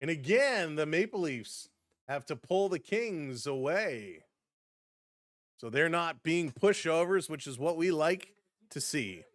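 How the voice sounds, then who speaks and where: A man hosts a live hockey stream, blending casual play-by-play with laughing chat to viewers and jumping between the plays and the chat. His voice is on the high side and animated, and he speaks slowly. The studio-quality recording has no room sound.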